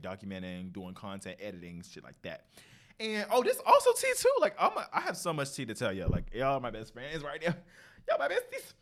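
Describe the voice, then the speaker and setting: A young man hosting a solo podcast, telling stories in a casual, profane, animated way, full of slang. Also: fairly low pitch. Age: young adult. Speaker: podcast host.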